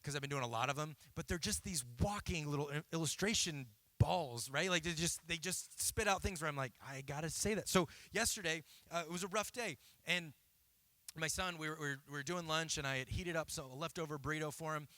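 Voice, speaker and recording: Bright, dry-voiced pastor. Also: male voice, fairly high pitch, a little fast, no echo. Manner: conversational storytelling with frequent "right?" asides. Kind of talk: sermon. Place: church.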